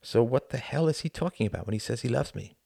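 A man's voice: mid-range voice, expressive, fast, vocal fry, dark tone, breathy edge, no echo, clean studio sound, pitched above the performer's own voice, full character voice. A man reading aloud and voicing a guarded young Englishman who talks in a wry, weary, self-mocking way. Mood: bitter.

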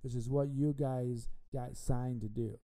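A man's voice: medium pitch, fairly even intonation, unhurried, mellow, low-quality recording. A man hosting a casual sports podcast, rambling and repeating himself with frequent ums. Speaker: podcast host.

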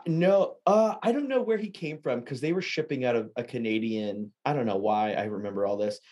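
A man's voice: medium pitch, brisk, mellow. A man hosting a casual podcast interview, talking in a rambling way with lots of filler words. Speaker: podcast host.

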